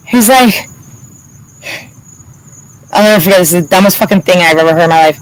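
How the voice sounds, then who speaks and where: A woman's voice: on the low side, normal speed, long pauses, poor audio. A woman vlogger telling a story in a casual, heated way, swearing often and acting out what each person said. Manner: heated, profane storytelling with lots of reported dialogue.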